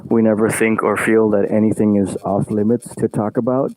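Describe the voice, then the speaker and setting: Low-voiced man rambling casually. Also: little pitch movement, normal speed, a little mellow, rough recording. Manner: loose and meandering, heavy on "like", swears freely. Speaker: vlogger.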